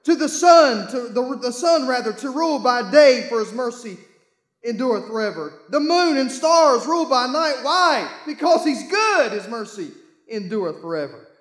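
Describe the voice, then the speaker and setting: High-voiced, animated preaching man. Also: normal speed, echoey room. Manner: call-and-response, urging the congregation to read along; preaching with bursts of shouting. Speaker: pastor. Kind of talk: sermon.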